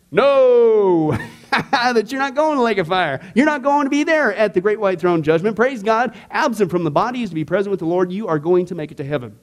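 A man teaching a church discipleship class, earnest and conversational, swinging from emphatic to quiet. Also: sits high.

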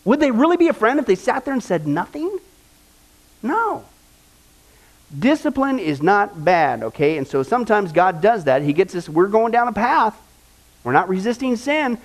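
A man's voice: high voice, big pitch swings, fairly quick. A middle-aged male pastor preaching a conversational sermon, asking the congregation rhetorical questions.

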